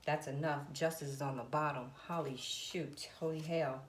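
A woman's voice: deep voice, steady tone, moderate pace. A woman doing a casual tarot reading on video. She talks to her viewers, calls on spirit between cards and swears freely. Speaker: tarot reader. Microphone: phone. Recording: echoey room with loud noise.

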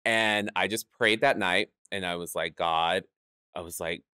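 A man's voice: deep voice, fairly even intonation, normal speed, bright, forceful tone, clean tone, dry recording, clean studio sound. A man telling stories as a guest in an interview, acting out quoted voices and laughing often. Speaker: guest, drag performer. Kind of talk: storytelling interview chat.

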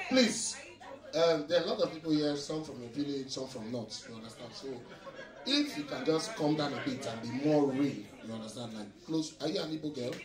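A young stand-up comedian with a Nigerian accent does live crowd work on a noisy nightclub stage, teasing the audience and laughing as he goes. His voice is fairly high, animated, and fairly quick. The handheld mic is picked up from far away in the echoey club, with the crowd laughing and cheering.

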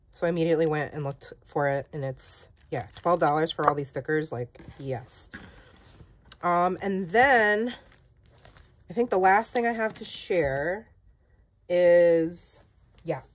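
A woman hosting a casual haul vlog, chatty and self-deprecating, with lots of "like" and "um", often laughing at herself. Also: low-pitched. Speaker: planner channel host.

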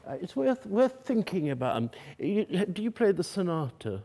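A man's voice: sits high, big pitch swings, moderate pace. A man coaching a piano student in a masterclass, coaxing and singing phrases aloud to show how they should go. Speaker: piano teacher. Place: music room or hall at a workshop. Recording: piano playing behind.

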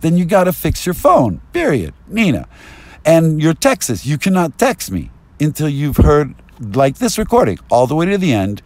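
A man rambling through an agitated street monologue, at times rising to yelling, recorded outdoors on a binaural mic. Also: on the high side, wildly swooping pitch, normal speed, no room sound. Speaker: vlogger.

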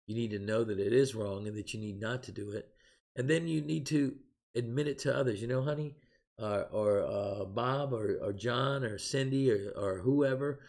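A man leading a faith-based recovery class, speaking in a halting way with many fillers, then building to emphatic preaching. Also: medium pitch, lively intonation, creaky. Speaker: recovery program leader.

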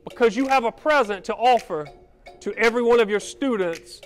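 High-pitched man giving a lively motivational keynote. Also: fairly quick, faint music behind. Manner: energetic, call-and-response with the audience. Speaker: keynote speaker. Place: conference hall with a live audience.

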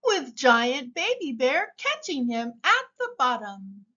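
A woman reading a picture book aloud for young children in a slow, expressive way. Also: high-pitched, dull audio. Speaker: storybook reader.

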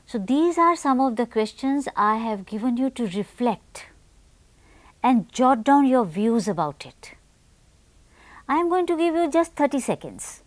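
A woman teacher speaking in a slow, careful way, and her voice sits a little higher than most. She puts questions to her students, and the room sound is dry and close. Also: lively intonation, no room sound. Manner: slow, deliberate, asks the class questions. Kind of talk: classroom lesson with poem reading.

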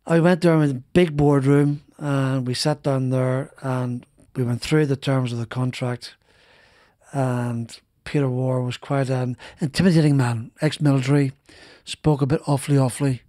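A middle-aged man, a former racing driver, tells his stories in a loose, rambling way, stumbling over restarts and repeating himself. His voice sits at an ordinary pitch. It is recorded close on a dry studio podcast mic. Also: steady tone, moderate pace, warm tone, no echo. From Northern Ireland. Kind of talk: casual interview storytelling.

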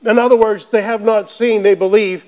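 A man preaching a sermon as pastor, fervent and building to shouts, often repeating words and restarting phrases. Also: high-pitched, fairly even intonation, moderate pace.

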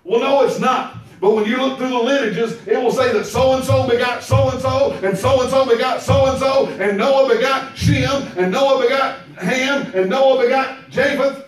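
A man preaching a sermon, emphatic and repetitive, now and then breaking into shouts. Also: very high voice, measured pace, hardly any pauses, soft background music. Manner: emphatic, repeats phrases, bursts into shouts. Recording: very echoey room, mic far off.

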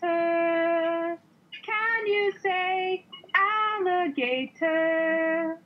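A woman teaching English to a young learner over a video call, speaking slowly with exaggerated, sing-song cheer and playful sound effects. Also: very high voice, faint music behind. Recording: muffled lo-fi online call audio.

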